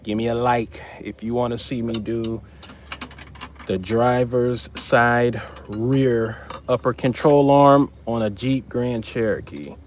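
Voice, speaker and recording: A man's voice: medium pitch, steady tone, slow pace, slight background noise. A man chatting casually on a livestream while he works on a car as a part-time mobile mechanic, repeating himself for emphasis.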